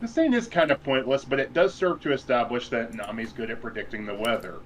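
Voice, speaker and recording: A man's voice: mid-range voice, a little fast, a little hiss or hum, poor audio. A man co-hosting a casual anime podcast, exasperated about dub edits, with lots of "you know" restarts. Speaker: podcast co-host.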